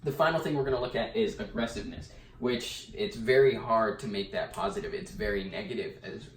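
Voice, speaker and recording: A man's voice: lowish voice, fairly quick. A man giving a casual summary lecture of a textbook chapter, with fillers and restarts. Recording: echoey room, mic at a distance.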